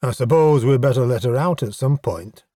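A man voicing a wary, thoughtful male goblin leader in an audiobook, in a measured, understated way. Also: medium pitch, mellow, dry recording, clean studio sound, close to an everyday voice. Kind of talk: audiobook character voice.

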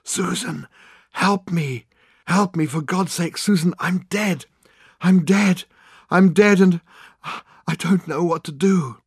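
A man voicing the panicked ghost of a newly dead man, crying out in a hoarse, desperate wail. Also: high-pitched, slow, no echo, studio quality, voice pushed up, exaggerated voice. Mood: desperate pleading. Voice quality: hoarse, wailing. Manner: desperate pleading cries.

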